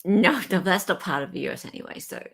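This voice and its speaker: A woman's voice: fairly low pitch, lively intonation, quick pace, gravelly, a bit bright, breathy edge. A woman co-hosting a livestream, chatting playfully and laughing often. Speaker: livestream co-host. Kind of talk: casual chat.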